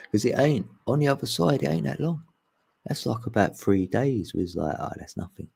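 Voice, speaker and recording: A man hosting a casual spiritual chat, slangy and relaxed, laughing often and acting out what others said. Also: mid-range voice, unhurried, gravelly, husky. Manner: laid-back, laughs often, slangy, acts out quoted voices. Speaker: podcast host.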